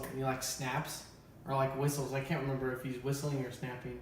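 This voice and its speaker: A man's voice: medium pitch, moderate pace. A young man chatting eagerly about movies in a casual roundtable review. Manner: enthusiastic, animated. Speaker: film reviewer. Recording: echoey room, distant mic, faint hiss.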